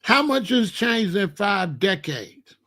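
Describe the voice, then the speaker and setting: A man in his sixties holds forth in a loose, casual monologue as host of his own show. His voice sits high, and he hammers his points home, repeating himself and stretching out words for emphasis. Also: big pitch swings, sharp tone. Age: 60s. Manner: emphatic, repetitive, drawn-out phrasing.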